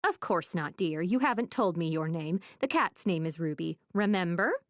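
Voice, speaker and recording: Woman doing sweet old psychic lady from the audiobook, slow and soothing, calls you dear. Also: fairly low pitch, expressive, dry recording, studio quality, close to an everyday voice. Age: older. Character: old woman psychic, kindly, matter-of-fact.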